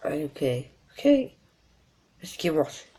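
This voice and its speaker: A man hosting his channel, reacting to a video in halting casual commentary full of fillers and repeats. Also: a little high, very animated, noisy background.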